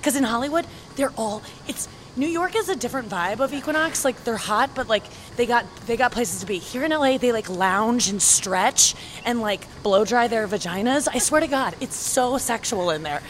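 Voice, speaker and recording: A blunt, excitable woman hosting a podcast from a treadmill at a gym. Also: on the high side, moderate pace, few pauses, slight background noise. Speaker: podcast host. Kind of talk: casual chat.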